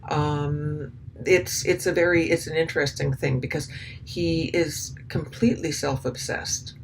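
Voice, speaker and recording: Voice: mid-range voice, fairly even intonation, measured pace, creaky, a little hiss or hum, poor audio. A commentator talking through a recording, hesitant and full of restarts, with indignant, sarcastic asides. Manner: hesitant, many ums and restarts. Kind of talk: spoken commentary.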